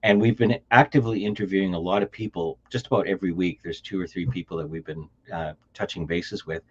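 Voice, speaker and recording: A Canadian man with a fairly low voice co-hosts a relaxed conversation. He rambles, doubles back and repeats himself as he talks. The sound is dull and lo-fi. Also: fast, breathy edge. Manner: rambling, repeats words and restarts. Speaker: podcast co-host. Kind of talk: casual chat.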